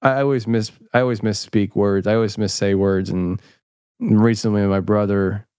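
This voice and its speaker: A man's voice: fairly low pitch, steady tone, normal speed, darkish tone, clear, resonant tone, no echo, clean studio sound. A middle-aged man chatting casually as an interview guest, rambling and self-deprecating with many restarts. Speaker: podcast host, guest filmmaker.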